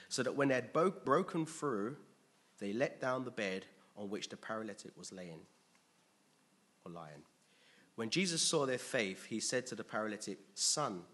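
Husky-voiced male preacher. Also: mid-range voice, a bit bright. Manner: earnest, questioning the congregation, frequent restarts. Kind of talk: sermon.

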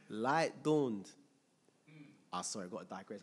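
A man preaching a Bible teaching sermon, repeating key phrases and breaking into loud, excited exclamations, laughing as he digresses. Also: lowish voice. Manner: slow, repetitive, bursts into loud excited exclamations; laughs often, digresses into personal testimony.

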